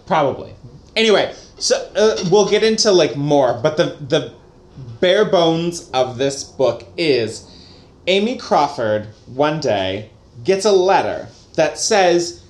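A man's voice: on the high side, slow pace, roomy sound. A man co-hosting a casual, jokey book-review chat. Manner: animated, jokey. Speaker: podcast co-host.

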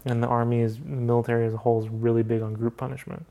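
A man's voice: mid-range voice, little pitch movement, fast talker, warm tone. A young man hosts a casual podcast chat. He tells his story in a heated, profane way, swearing freely as he goes. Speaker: podcast host.

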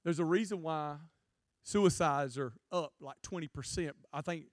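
Man, youth sermon, jokey and animated, fairly high voice, dry sound. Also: measured pace, dry recording. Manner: jokey, animated, acts out quotes in funny voices. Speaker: guest preacher. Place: in front of a live student audience.

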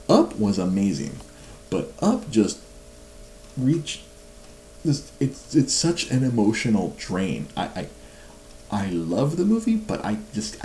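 Low-pitched man, gravelly voice, casual chat, laughs often, roomy recording. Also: slight background noise. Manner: laughs a lot, self-mocking and animated. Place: home at night.

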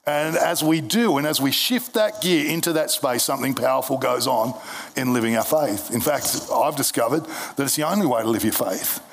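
A man's voice: medium pitch, normal speed, breathy edge, faint music behind. A man preaching a casual, jokey sermon at a church service, often restarting his sentences. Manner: conversational, jokey, with many restarts. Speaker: pastor.

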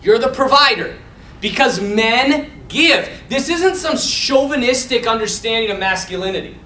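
A man with a high, bright voice teaches a Bible class in a loose, animated way, full of fillers and restarts. The room is echoey and he is some distance from the mic. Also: normal speed, a little hiss or hum. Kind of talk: casual teaching talk to a mixed group.

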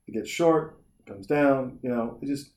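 A young man from Montana hosts a casual podcast, rambling through long stories and acting out the people in them. His voice sits in a middling pitch. The room around him is echoey and roomy. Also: moderate pace, darkish tone. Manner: rambling storyteller, acts out voices. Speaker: podcast host. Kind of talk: casual storytelling chat.

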